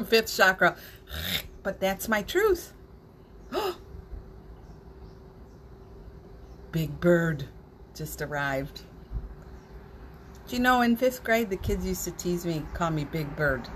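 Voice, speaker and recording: A woman's voice: lowish voice, lively intonation, a little slow, slight background noise. A woman hosting a spiritual morning livestream, chatting casually, reading out viewer comments, and getting emotional, with laughter and near tears.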